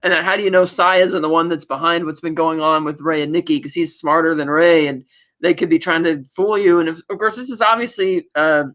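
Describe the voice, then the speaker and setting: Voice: medium pitch, fairly even intonation, a little fast, fairly bright tone. A podcast co-host talking through a TV episode in a casual, rambling way. Sentences restart and quoted lines get acted out along the way. The recording sounds muffled and lo-fi.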